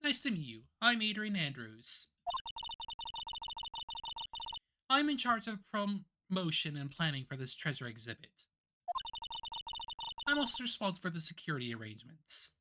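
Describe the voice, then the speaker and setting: A woman reading the lines of a composed young woman who manages an exhibit, in a calm, sincere way. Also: on the low side, moderate pace. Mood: polite. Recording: loud background noise.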